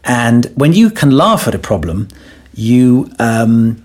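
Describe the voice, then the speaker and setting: Male guest for an interview, husky voice, playful teasing storyteller. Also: medium pitch, very animated, slow, darkish tone. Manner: playful, teasing storyteller who acts out quotes. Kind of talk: conversational podcast interview.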